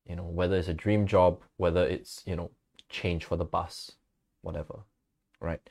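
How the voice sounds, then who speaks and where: This podcast co-host speaks at a moderate pace in a low, creaky voice. Chatting loosely, he spins relaxed stories, laughs readily, and performs the quotes he recounts.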